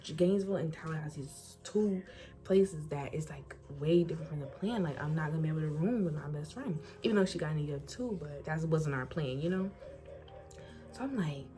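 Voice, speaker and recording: Low-voiced young woman telling a story. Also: brisk. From Florida, US. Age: young adult. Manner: animated, colloquial, acts out quotes. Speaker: incoming college student. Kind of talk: casual storytime. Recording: music playing behind voice.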